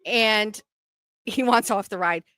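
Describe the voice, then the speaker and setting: A woman, hosting a podcast and telling a story in casual, animated fashion, acting out what other people said. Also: mid-range voice, slow, clear, resonant tone, no room sound. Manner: animated, acts out quoted voices. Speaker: podcast host.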